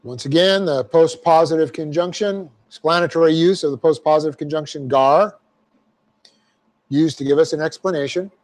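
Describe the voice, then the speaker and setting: Male Bible teacher, slightly high voice, methodical Greek grammar lecture, repeats phrases for emphasis. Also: normal speed, a little mellow. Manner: explains Greek grammar step by step, dictating punctuation. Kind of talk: verse-by-verse Bible class lecture.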